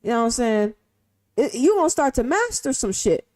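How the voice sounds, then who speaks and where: High, lively woman streamer. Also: a little fast. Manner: animated, swinging from loud to hushed; rhetorical questions. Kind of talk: casual profane commentary.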